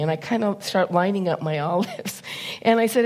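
A woman's voice: mid-range voice, brisk, darkish tone. A middle-aged woman gives a conversational sermon as a church speaker. She tells personal stories candidly and works through a numbered list of points.

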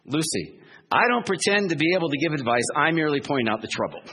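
A man's voice: a little high, big pitch swings, fast talker, bright, forceful tone, slightly rough, pitched above the performer's own voice, heavily acted. Lucy, a preacher doing a bossy scolding girl. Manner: blunt, pointed and fault-finding.

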